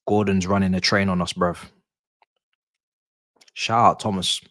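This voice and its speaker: A man's voice: deep voice, steady tone, unhurried, a bit bright, no echo. A young man reacting live to a football match, exasperated and swearing. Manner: exasperated, swearing, muttering to himself. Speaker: football watch-along host.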